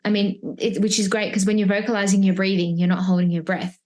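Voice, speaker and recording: A woman's voice: mid-range voice, fairly even intonation, fast, darkish tone. Chatty woman telling a story. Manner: chatty and reflective, frequent "like" and restarts. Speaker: podcast guest, mother of three. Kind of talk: casual birth-story telling. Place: at home, holding a baby. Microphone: wearing headphones, remote podcast recording.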